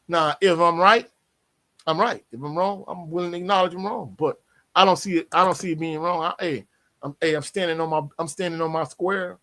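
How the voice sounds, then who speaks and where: Brash, animated man. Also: a little high, fairly quick. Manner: animated, brash trash talk, laughs often. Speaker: sports show host reading live chat. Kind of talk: casual livestream chat.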